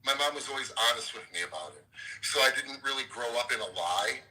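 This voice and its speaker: A man's voice: medium pitch, lively intonation, fast, sharp tone, rough recording. A man from Chicago, a guest, telling his life story casually with many fillers. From Chicago, USA. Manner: rambling, lots of fillers.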